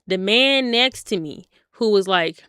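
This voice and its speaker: A woman in her twenties chats casually on stream, telling stories full of slang. Her voice jumps up in pitch when she gets animated. It sounds bright and sharp, and it is recorded close and dry. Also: unhurried, clear, resonant tone, no room sound. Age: 20s. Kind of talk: casual storytelling chat on stream.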